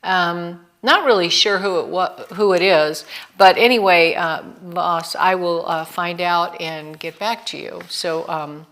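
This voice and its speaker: Lady hosting a video call, low-ish voice, takes her time, friendly. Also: unhurried, few pauses, a bit bright. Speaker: host.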